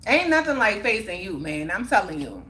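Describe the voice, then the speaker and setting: A woman's voice: mid-range voice, big pitch swings, brisk, bright, forceful tone, a little hiss or hum. A woman hosting a casual livestream, chatting with viewers and preaching accountability with frequent laughter. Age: young adult or middle-aged mother. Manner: motivational, preachy about accountability, laughs often. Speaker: livestream host reading viewer comments.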